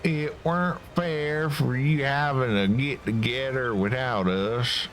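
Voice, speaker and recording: A man's voice: mid-range voice, steady tone, fairly bright tone, voice pushed up. A man voicing a grumpy rustic islander with a put-on Southern US drawl. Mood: aggrieved. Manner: slow drawl.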